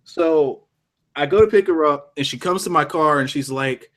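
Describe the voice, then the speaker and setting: A man's voice: fairly high pitch, normal speed. A young man in a casual podcast chat, telling a long anecdote with many restarts and some swearing. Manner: animated storyteller, lots of restarts and swearing. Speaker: podcast co-host.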